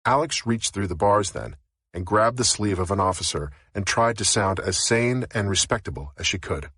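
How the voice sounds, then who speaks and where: A man narrating a novel as an audiobook in a steady, even reading. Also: lowish voice, normal speed, husky, no room sound.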